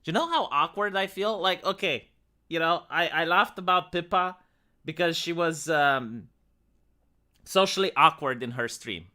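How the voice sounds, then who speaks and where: A man's voice: on the high side, moderate pace, pushed and bright. A young man chatting bluntly with his live-stream chat, swearing often as he answers comments.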